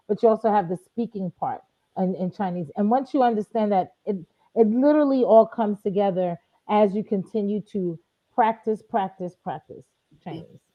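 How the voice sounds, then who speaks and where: A woman from New York, a Chinese tutor appearing as a guest, chats casually in an interview. She's animated, acting out quoted speech in a higher voice, and the audio is dull, muffled lo-fi.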